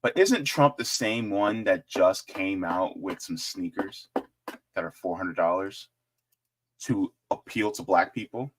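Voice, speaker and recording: A man hosting casual political commentary in an animated, joking way, with chatty asides. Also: low voice, slow pace.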